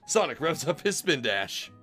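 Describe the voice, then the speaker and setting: Man, comedic fanfic reading, animated, high, gravelly, bright. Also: slow, soft background music. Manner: animated, laughing asides.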